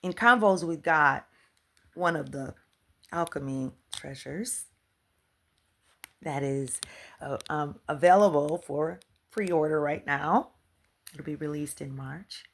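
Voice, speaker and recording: A woman giving a casual spiritual talk to her viewers, chatty and animated, laughing often and slipping into a near whisper. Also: sits low, takes it slowly, long pauses. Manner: colloquial, repeats "for real" and "come on". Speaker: spiritual author and life coach.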